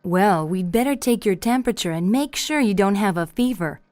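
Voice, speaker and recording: Woman reading an english practice dialogue, plain and even, mid voice, dry. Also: medium pitch, normal speed, no room sound. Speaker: dialogue reader in an English lesson. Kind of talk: scripted conversation for learners.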